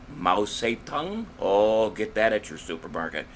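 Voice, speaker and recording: A man hosting a casual trivia show, cracking corny jokes, rambling between questions and reading each question out slowly. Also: on the low side, sing-song, vocal fry, a bit bright, slight background noise. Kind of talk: casual live-stream quiz hosting.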